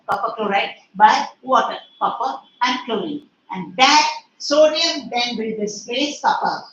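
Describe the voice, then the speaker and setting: A strict Indian woman teacher lectures on chemistry and scolds her pupils sharply between rapid-fire questions. Her voice is bright and forceful, a little high, and it sounds distant in an echoey room with faint background noise. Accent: Indian English. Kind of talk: online class lecture.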